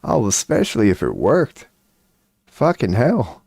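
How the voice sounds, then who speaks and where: A man's voice: mid-range voice, wildly swooping pitch, measured pace, gravelly, a little mellow, husky, dry recording, clean studio sound. A man riffing casually and profanely on a home webcam stream, joking loosely and slipping into silly voices. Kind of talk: rambling casual stream talk. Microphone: webcam mic.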